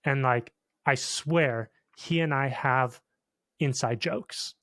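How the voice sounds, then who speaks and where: A man co-hosting a podcast in relaxed casual chat, often checking in with "okay?" and "dude". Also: medium pitch, slow, dry recording, studio quality. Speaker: podcast co-host.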